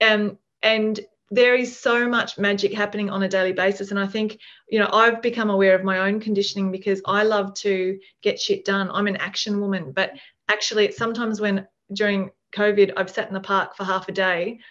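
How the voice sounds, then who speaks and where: A woman's voice: medium pitch, flat delivery, brisk, a bit bright. A woman hosting a podcast, talking reflectively in a rambling way, full of fillers and restarts. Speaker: podcast host. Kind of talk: casual conversation. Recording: dull lo-fi sound.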